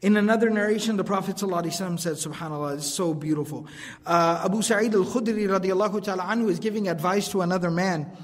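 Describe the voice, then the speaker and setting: Fast, high-voiced man preaching in a hall. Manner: quick, animated, mixes in recited scripture and casual asides. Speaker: preacher teaching a lecture series. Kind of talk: religious lecture. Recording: long hall reverb.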